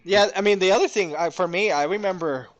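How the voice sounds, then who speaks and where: Young man, podcast host, upbeat, excitable, slightly high voice. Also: fast, dull audio. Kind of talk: casual chat.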